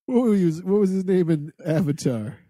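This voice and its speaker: Mellow man cracking crude one-liners. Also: sits high, expressive, moderate pace, dry recording, studio quality. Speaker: podcast co-host. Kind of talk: casual comedic movie-review chat.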